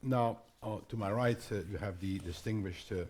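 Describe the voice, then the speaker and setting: An older man moderating a conference panel in a halting way, with frequent fillers and restarts. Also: fairly low pitch, a little mellow, a little hiss or hum.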